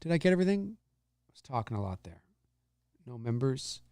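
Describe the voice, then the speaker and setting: This is a man hosting a live-streamed talk show, chatting off the cuff with viewers and reading their comments. His delivery is rambling, with frequent restarts, and his pitch moves a lot. The sound is dry and close. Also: very animated, a little mellow, smooth, no room sound. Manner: rambling, many restarts and repeated phrases; drops into low, slow impressions and squeaky high mimicry.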